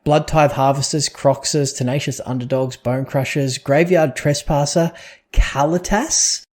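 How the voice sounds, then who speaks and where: A man's voice: fairly high pitch, steady tone, unhurried, darkish tone. A man co-hosting a casual podcast about a trading card game, talking in loose, rambling sentences full of fillers and restarts. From Australia or New Zealand. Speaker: podcast co-host.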